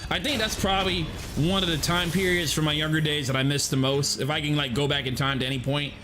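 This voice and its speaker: A man streaming a game, telling a story in an animated, profane casual way. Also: on the high side, fast talker, background noise. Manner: animated, profane, lots of restarts and swearing. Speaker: gaming streamer.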